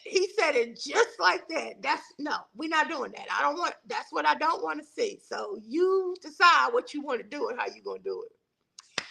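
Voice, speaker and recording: A middle-aged woman talks casually on her livestream, folksy and chatty as she answers viewers. Her voice sits a little high and carries a heavy gravelly fry. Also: big pitch swings, normal speed, bright, forceful tone, low-quality recording. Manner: chatty, folksy, reads viewer comments aloud. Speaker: livestream host. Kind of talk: casual live-stream chat.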